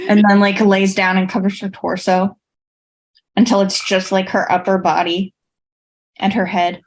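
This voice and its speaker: Woman player, mid-pitched, chatty and filler-filled. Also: level tone, moderate pace. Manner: chatty, full of "like" and "um". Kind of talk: casual tabletop play.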